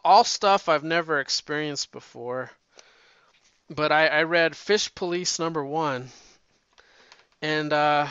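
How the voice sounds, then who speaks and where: Rambling, profane man with bright voice. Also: on the high side, clean tone, no echo. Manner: rambling, profane, frequent restarts. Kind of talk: casual chat. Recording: dull lo-fi recording.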